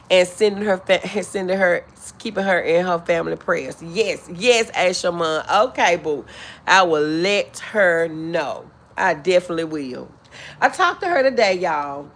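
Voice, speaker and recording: Woman casually greeting livestream viewers. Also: lowish voice. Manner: affectionate, drawn-out greetings, calls viewers honey and boo; frequent throat clearing. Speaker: livestream host. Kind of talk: casual live-stream chat, reading comments.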